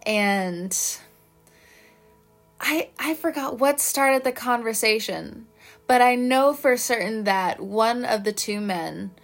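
A woman's voice: fairly high pitch, slow pace, soft background music. Chatty woman reading tarot, laughing often. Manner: rambling, chatty, laughs often mid-sentence. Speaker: tarot reader. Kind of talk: casual storytelling and tarot reading.

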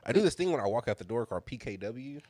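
A man's voice: mid-range voice, sing-song, rapid-fire, a little mellow, no room sound. Laughing, rambling man. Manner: laughing, rambling, loose storytelling. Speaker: podcast co-host. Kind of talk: casual chat.

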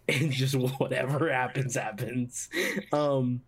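A podcast host, a man at an ordinary middle pitch, tells a story in casual chat. He talks haltingly, with many restarts and fillers, and acts out his own past lines. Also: steady tone, husky.

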